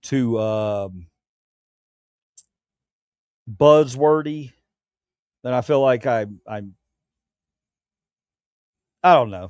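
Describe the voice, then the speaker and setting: A man's voice: mid-range voice, expressive, a little slow, pauses often, darkish tone, no echo, studio quality. A grown man hosting his own late-night livestream, chatting candidly with viewers, rambling and stammering through restarts with casual swearing. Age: adult, past his youth. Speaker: livestream host.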